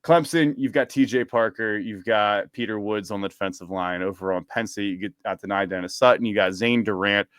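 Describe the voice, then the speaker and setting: Smooth-voiced man hosting a sports podcast. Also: on the low side, brisk, few pauses, no room sound. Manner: relaxed, loose questions full of "like". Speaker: podcast host.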